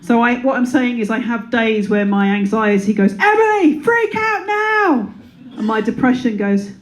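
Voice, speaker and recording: A woman's voice: medium pitch, flat delivery, normal speed, low-quality recording. A woman in her thirties performing a stand-up comedy set, playful and self-deprecating, slipping into silly voices. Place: comedy club before a live audience. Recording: live room with audience laughter.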